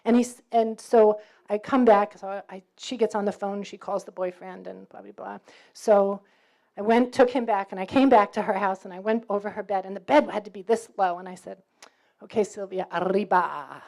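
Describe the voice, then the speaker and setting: A middle-aged woman from New York tells a personal faith story to a room of students. A faded New York accent is still there under her words. She is an animated storyteller who jumps into the voices of the people in her story and laughs as she goes. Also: medium pitch, normal speed, creaky. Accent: New York, mostly faded. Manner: lively storyteller, acts out dialogue, laughs often. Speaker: campus speaker.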